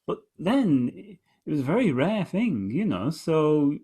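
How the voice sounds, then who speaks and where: A man talking through the form of a poem in a relaxed conversation, hesitant and full of restarts, slowing right down whenever he reads lines aloud. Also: a little high, slightly rough. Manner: hesitant, with many restarts, slows right down when reading verse aloud. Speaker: guest discussing poetry. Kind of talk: relaxed conversation, explaining verse.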